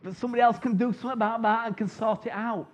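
Male preacher, light high voice, jokey storytelling sermon, muffled lo-fi sound. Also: fairly even intonation, rapid-fire. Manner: chatty, jokey, tells personal stories. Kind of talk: informal sermon. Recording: dull lo-fi recording.

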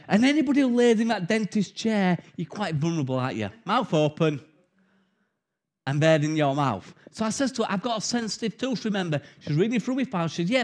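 Guy preaching, chatty storyteller vibe, voice sits a bit high. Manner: animated storytelling, conversational. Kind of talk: sermon with personal story.

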